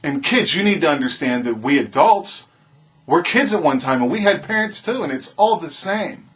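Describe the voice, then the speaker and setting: A man's voice: a little high, animated, normal speed, a bit bright. A man vlogging his opinion in an impassioned, preachy monologue, repeating his appeals to the viewer. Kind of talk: earnest opinion monologue to camera.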